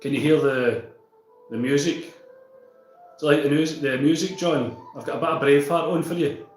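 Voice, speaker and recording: A man's voice: fairly high pitch, normal speed, reverberant, soft background music, rough recording. A Scottish man chatting casually with viewers on a livestream, reading out and answering their comments.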